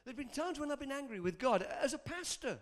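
A man's voice: extremely high pitch, expressive, fast talker. A man preaching a sermon, leading call-and-response and telling personal stories. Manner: impassioned, call-and-response, storytelling. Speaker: pastor.

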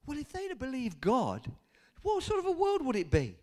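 Older aussie preacher guy, lively up-and-down voice, gets loud then quiet. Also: extremely high pitch, moderate pace. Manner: animated, swings from soft to loud. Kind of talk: sermon with personal stories.

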